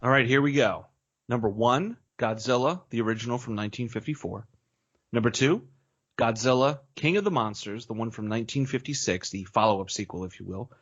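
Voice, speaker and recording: A man's voice: medium pitch, a little fast. Guy co-hosting a movie podcast, blunt opinions, sighs a lot, slightly muffled audio. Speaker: podcast co-host. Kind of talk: casual opinionated chat.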